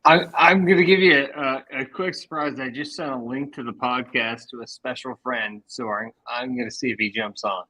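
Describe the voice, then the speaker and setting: A man chatting on a fishing podcast, his voice bright and forward. He jokes around and readily pokes fun at himself. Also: medium pitch, steady tone, moderate pace, few pauses, poor audio. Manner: self-deprecating, jokey. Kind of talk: casual chat.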